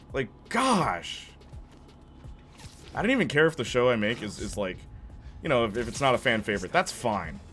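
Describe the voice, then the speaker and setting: A young man commenting over his gameplay stream, rambling from one tangent to the next and full of fillers. His voice swings widely in pitch, and soft game music plays underneath. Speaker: gaming streamer.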